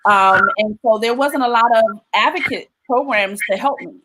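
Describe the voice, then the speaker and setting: A woman from Maryland giving an emotional personal testimony of her faith, often pausing with "um" and "right?". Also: a little high, bright, forceful tone, a little hiss or hum, rough recording. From Maryland, USA. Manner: emotional storytelling with frequent "um" and "right?".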